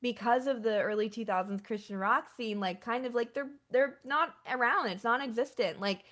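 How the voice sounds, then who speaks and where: A young woman talking as a guest musician in a casual interview, chatty and full of filler words, emotional and effusive. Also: normal speed. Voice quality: chatty, lots of filler likes. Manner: effusive and emotional, pitch jumps up when excited.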